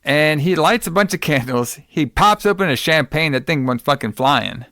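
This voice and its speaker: A man's voice: on the high side, expressive, normal speed, sharp tone, no room sound, clean studio sound. A man hosting a podcast, recapping a film in a casual, rambling way, full of swearing and wrestling-fan slang. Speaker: podcast host.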